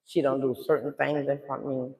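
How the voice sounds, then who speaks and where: A middle-aged woman telling a story live in a casual way, animated and talking straight to her audience. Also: a bass voice, brisk, creaky, echoey room, rough recording.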